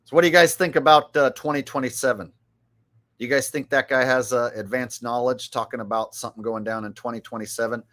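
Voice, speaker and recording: A man's voice: medium pitch, steady tone, a little fast, a bit bright. A middle-aged man giving rambling, mocking commentary on his live stream. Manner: rambling, mocking, with filler words.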